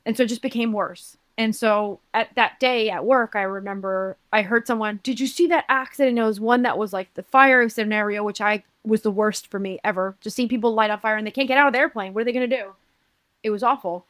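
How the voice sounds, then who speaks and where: A woman from Uruguay, a podcast guest, telling a personal story in an earnest, halting way with many restarts. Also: medium pitch, fairly even intonation, fairly bright tone, no echo.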